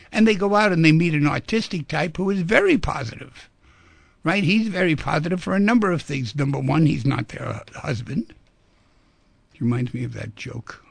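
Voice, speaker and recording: Male radio call-in host, playful storyteller; husky, dry studio sound. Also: a little high, animated, moderate pace, no echo. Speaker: radio talk show host.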